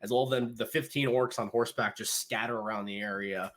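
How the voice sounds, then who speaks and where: A man with a fairly low voice narrates as game master of a tabletop game. He rambles along loosely, with fillers between the beats of the scene. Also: steady tone, fast talker, fairly bright tone.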